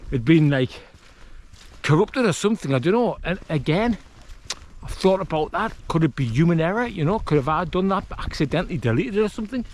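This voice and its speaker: A man's voice: fairly high pitch, animated, a little fast, a little mellow. Rambling man vlogging outdoors. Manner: rambling, self-deprecating, lots of fillers. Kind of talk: casual talk to camera. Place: outdoors in woodland, wild camping.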